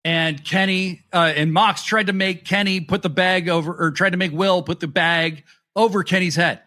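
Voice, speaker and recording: A man co-hosting a wrestling review podcast, talking excitedly and swearing freely as he recaps matches and acts out the wrestlers' lines. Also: high voice, moderate pace. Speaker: podcast co-host. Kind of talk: casual wrestling review chat.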